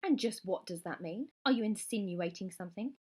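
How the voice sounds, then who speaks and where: A woman voicing a calm, firm, protective mother in a storybook reading. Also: mid-range voice, brisk, husky.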